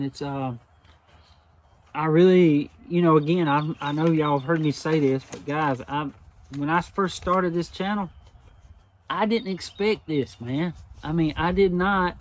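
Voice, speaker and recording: An older man, hosting a knife channel, talking to his viewers in a heartfelt, humble, emotional way and repeating himself often. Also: fairly high pitch. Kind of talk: casual heartfelt talk to viewers.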